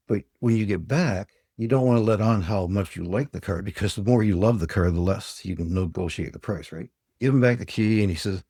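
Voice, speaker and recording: As a guest on a podcast, an older Ontario man who trains salespeople recounts customer stories in plain language, interview-style. He speaks fairly quickly in a warm, lowish voice with a breathy edge, and the studio-quality audio has no echo.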